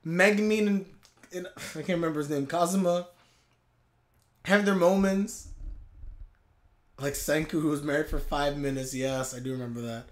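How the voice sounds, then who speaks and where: A man streaming a live anime reaction, talking in an excitable, animated way. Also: a little high, normal speed, long pauses, slight background noise.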